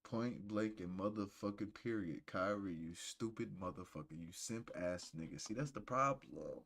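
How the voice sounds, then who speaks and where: A man's voice: lowish voice, moderate pace, vocal fry, fairly bright tone. Blunt, ranting man reacting to clips. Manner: blunt, ranting, mocking with put-on voices. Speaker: podcast host reacting to clips. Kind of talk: profane reaction commentary.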